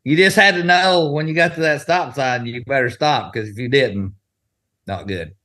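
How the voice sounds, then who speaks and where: A man as a guest on a casual podcast, talking in a folksy, excitable way and laughing often. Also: mid-range voice, normal speed. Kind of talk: casual chat.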